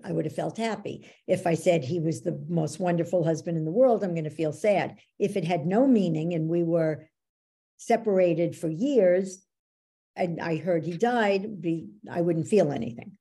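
A woman coach explaining how beliefs work, teaching through lively anecdotes and acting out what people said. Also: lowish voice, moderate pace, gravelly, slightly rough. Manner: animated storyteller, acts out quoted dialogue. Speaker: belief coach, podcast guest.

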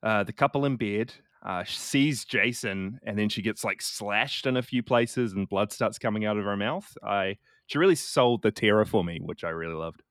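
Low-voiced man in relaxed chat. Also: normal speed, hardly any pauses. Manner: relaxed, rambling, laughs along. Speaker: podcast co-host. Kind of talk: casual film chat.

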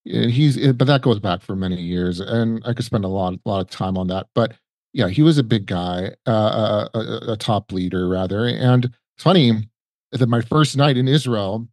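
A man's voice: lowish voice, moderate pace, a little mellow, no room sound. Rambling male podcast guest, dry sound. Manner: rambling, many restarts and fillers. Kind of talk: casual conversational storytelling.

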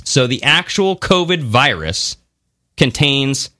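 In a dry, studio-quality recording, a man speaks slowly in a medium-pitched, sing-song voice that sounds pushed and bright. He's co-hosting a podcast, chatting casually and animatedly, swearing at times and mocking others through funny voices.

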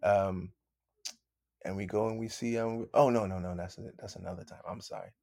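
A man's voice: sits low, steady tone, moderate pace, vocal fry, darkish tone, no echo, clean studio sound. A man in his fifties with a light London accent, a musician telling stories in a casual interview, laughing and acting out other people's voices. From London, England. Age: 50s. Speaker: musician guest.

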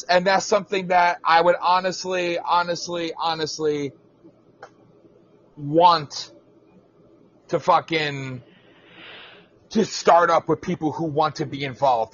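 A man's voice: a little high, steady tone, a little slow, a bit bright. A man hosting a talk radio show, ranting off the cuff with profane passion. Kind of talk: unscripted talk radio rant. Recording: slightly muffled lo-fi audio.

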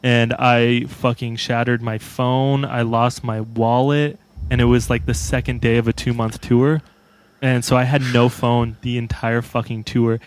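A man's voice: medium pitch, level tone, unhurried. A man who plays in a band talks in a laid-back, profane, self-mocking way during a casual chat. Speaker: band member.

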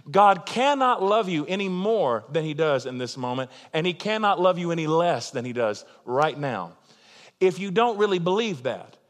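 A male pastor preaching with earnest, emphatic conviction, his voice sitting a little higher than most men's. He keeps it conversational and checks in with the listeners as he goes. The sound rings with the long reverb of a large hall. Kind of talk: sermon.

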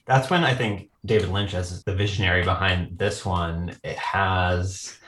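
A man's voice: low-pitched, steady tone, a little slow, a bit bright, a little hiss or hum. A man chatting casually about films on a podcast, rambling with lots of fillers and frequent laughs. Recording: roomy echo.

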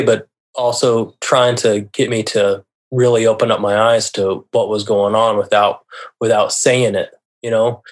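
Earnest man, lower voice, halting. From United States. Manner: halting and earnest, often restarting phrases. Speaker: podcast guest. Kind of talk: personal storytelling in an interview.

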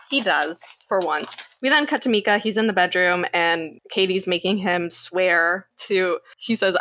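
A woman from Canada co-hosting a podcast, retelling a film scene by scene in a casual, animated way and swearing freely. Her voice sits at a middle pitch, and the recording is dry and close, with no room sound around it. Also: moderate pace, few pauses, no echo. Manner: animated storyteller, laughs often, swears freely. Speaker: podcast co-host. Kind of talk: casual movie recap chat.

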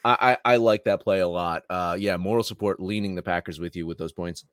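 A man co-hosting a sports betting show, talking in a halting, stammering way with casual swearing. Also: sits low, steady tone, a bit bright, clear, resonant tone, dry recording, clean studio sound. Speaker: sports betting podcast co-host. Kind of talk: casual betting picks chat.

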